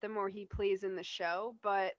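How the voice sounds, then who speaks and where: A woman's voice: medium pitch, level tone, moderate pace, dry recording, highs cut off. A young woman co-hosting a podcast, chatting casually and relaxedly about a TV episode, giggling and using fillers. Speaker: podcast co-host.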